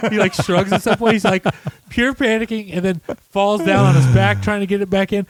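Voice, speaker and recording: Male podcast co-host, slightly high voice, dry room, animated recaps. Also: a little fast, no echo. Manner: animated, acts out quotes in shrieking voices, swears. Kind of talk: casual movie discussion. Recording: dry close-miked home studio.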